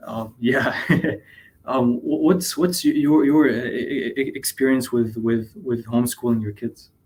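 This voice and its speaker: A man's voice: mid-range voice, steady tone, unhurried, a little mellow, slightly rough. A man in his twenties from Lebanon calling in with a question, hesitating and repeating words often, with Arabic fillers mixed in. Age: 20s. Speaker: caller. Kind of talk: call-in question.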